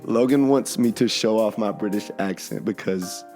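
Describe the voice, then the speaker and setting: A man's voice: on the low side, normal speed. A man hosting a casual family podcast, rambling and easygoing. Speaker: podcast host. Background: faint music.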